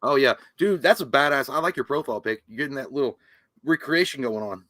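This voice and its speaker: A man's voice: mid-range voice, animated, fast, sharp tone, no room sound. A man co-hosting a casual live stream, cracking crude jokes and swearing freely. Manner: crude, joking, profane. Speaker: podcast co-host.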